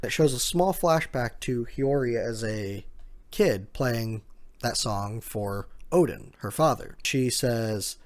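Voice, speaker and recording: A man's voice: mid-range voice, lively intonation, takes it slowly. A man casually narrating a manga chapter recap, with chatty fillers and asides. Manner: chatty, chuckling, filler words.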